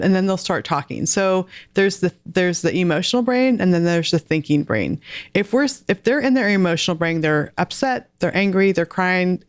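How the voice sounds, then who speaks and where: Earnest low-voiced woman, crisp and dry. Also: dry recording. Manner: chatty, earnest, with light laughs. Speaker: guest author and homeschool mom. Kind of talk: casual podcast interview.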